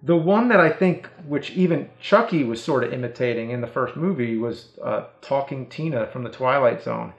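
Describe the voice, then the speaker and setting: A man's voice: mid-range voice, lively intonation, moderate pace, creaky, hardly any pauses. A man co-hosting a casual chat, recalling things easily with lots of fillers. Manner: easygoing, filler-heavy recollection. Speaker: co-host. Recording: roomy, slightly dull audio.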